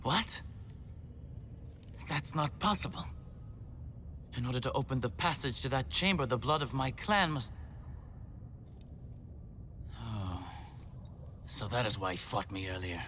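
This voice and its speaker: A man's voice: medium pitch, animated, unhurried, pauses often, sharp tone, a little hiss or hum. An actor playing a stern, proud male vampire hunter in a video game dub. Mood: urgent.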